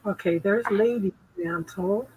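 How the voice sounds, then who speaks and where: A woman's voice: on the high side, very animated, unhurried, vocal fry, darkish tone, slight background noise, rough recording. A woman hosting a spiritual chat, reading intuitive messages aloud in a distracted, murmuring way. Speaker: spiritual reader and channel host. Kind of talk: casual chat while doing a reading.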